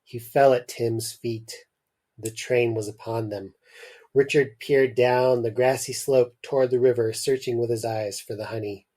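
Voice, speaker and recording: A male podcast host reading a story aloud, slow and theatrical. He gives the narration heavy emphasis. His pitch sits in the middle of a man's range. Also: fairly even intonation, mellow. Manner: dramatic reading, breaks into laughter.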